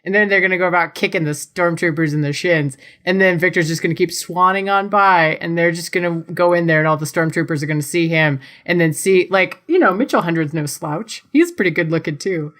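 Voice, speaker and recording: A woman co-hosting a podcast, telling an animated, giggly story in casual chat. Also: on the low side, a little fast, hardly any pauses. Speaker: podcast co-host.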